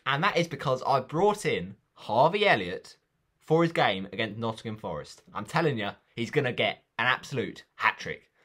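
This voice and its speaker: A man's voice: medium pitch, very animated, moderate pace, a bit bright. Guy rambling about footy picks, chatty, ribs himself a bit, middling voice. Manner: chatty, rambling, self-teasing. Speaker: football predictions vlogger. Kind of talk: casual football chat.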